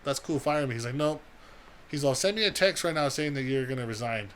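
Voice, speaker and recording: A man's voice: mid-range voice, brisk, a little hiss or hum. A young man on a podcast telling a long, profane story and acting out everyone's lines. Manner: profane, animated storytelling with acted-out quotes. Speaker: podcast co-host. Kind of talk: casual storytelling.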